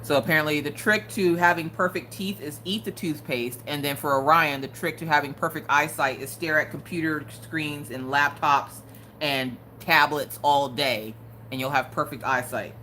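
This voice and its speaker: A woman's voice: deep voice, fairly even intonation, normal speed, pushed and bright, a little hiss or hum. A woman hosting a casual live crafting stream, chatty and joking, laughing often.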